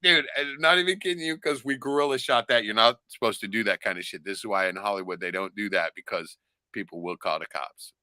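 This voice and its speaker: A man's voice: lowish voice, quick pace, pushed and bright, no echo. A man on a casual podcast, rambling and swearing a lot, often tagging lines with "right?". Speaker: podcast co-host. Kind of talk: casual profane chat.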